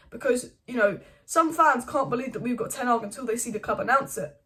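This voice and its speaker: Fast-talking, opinionated woman football vlogger. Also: sits high. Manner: opinionated and animated, with rhetorical questions. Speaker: football channel host. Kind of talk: casual football news vlog.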